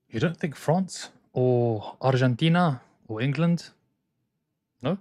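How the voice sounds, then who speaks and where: A man's voice: mid-range voice, takes it slowly, darkish tone, dry recording. A young man hosting a football watchalong stream, casually reading out viewer chat and giving strong opinions. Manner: reads out and answers viewer chat, opinionated banter. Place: home streaming room in France.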